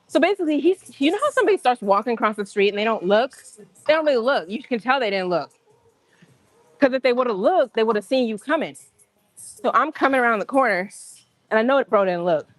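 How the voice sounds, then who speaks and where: A woman's voice: a little high, no room sound. A woman chatting casually on a livestream from the gym, telling stories in slang with laughs and acting out other people's lines. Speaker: livestream host.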